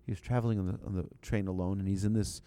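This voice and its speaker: Halting, conversational male storyteller. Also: low voice, fairly even intonation, warm tone, clear, resonant tone. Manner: conversational, halting restarts, light asides to the audience. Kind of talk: storytelling talk to an audience.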